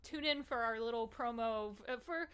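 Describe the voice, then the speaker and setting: A woman runs a tabletop game as game master, her voice sitting a little high. She keeps things chatty and upbeat and laughs often between turns. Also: a little fast, a bit bright, smooth.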